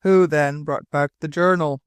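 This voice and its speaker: A stern ship captain who demands answers in a tone of command, read by a man in an audiobook. His voice is slightly high and sits in a dry, close recording. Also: steady tone, unhurried, clean tone, no echo, natural voice.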